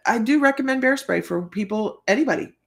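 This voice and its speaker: Woman, psychic live-stream host, casual rambling chat, frequent laughs, gravelly voice. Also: fairly high pitch, expressive, brisk. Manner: rambling, chatty, laughs often, many fillers. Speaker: psychic reader and show host.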